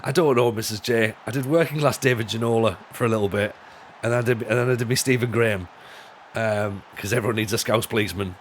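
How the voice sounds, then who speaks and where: This fast-talking man has a fairly low voice and streams himself gaming from home, rambling, cracking jokes, laughing, and restarting often. There's slight hiss or hum on the recording.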